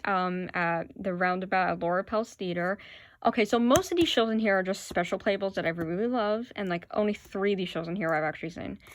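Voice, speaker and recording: Against a noisy background, a woman with a medium-pitched voice chats casually to camera on her phone. She's a vlogger proudly presenting her playbills, gushing with fan excitement.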